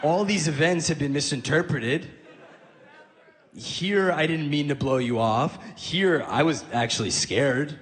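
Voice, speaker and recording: Over the laughter of a live audience, a male stand-up comic tells conversational stories, playing both parts of each exchange. He speaks unhurriedly in a voice on the high side, and the sound is that of a big room.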